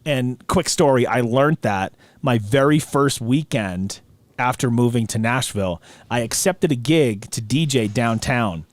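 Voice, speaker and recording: A man hosting a podcast, telling a story in a relaxed, slangy way full of dude and bro. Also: mid-range voice, unhurried, dry recording. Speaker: podcast host. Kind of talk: casual storytelling chat.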